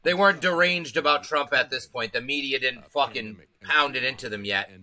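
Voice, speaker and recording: A man's voice: medium pitch, brisk, pushed and bright, low-quality recording. A man hosting a casual livestream, nervous and rambling, swearing as he talks to his chat. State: anxious. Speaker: livestream host.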